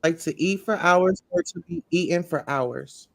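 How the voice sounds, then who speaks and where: A man's voice: sits high, normal speed, gravelly, music in the background. A man in a casual group chat, laid-back and joking. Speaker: chat panelist.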